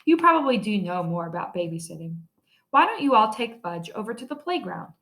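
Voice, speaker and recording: A woman reads aloud as a flustered mother in a children's storybook. She sounds anxious and hurried, lifting her voice somewhat as she frets. The voice sits at a middle pitch overall. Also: big pitch swings, fairly bright tone. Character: hurried, worried mother of a small boy.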